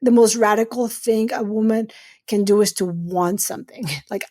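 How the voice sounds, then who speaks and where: A woman's voice: fairly high pitch, normal speed, mellow. A middle-aged woman, a surgeon guest on a podcast, speaking earnestly and emphatically, often repeating phrases for weight. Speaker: guest urologist. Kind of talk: podcast interview.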